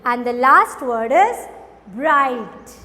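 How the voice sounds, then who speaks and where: A woman's voice: sits high, animated, pushed and bright, long reverb tail. A woman teaching grammar to schoolchildren, drawing out words and often checking if the children understand. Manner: slow, drawn-out, addresses children often. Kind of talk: recorded grammar lesson for children.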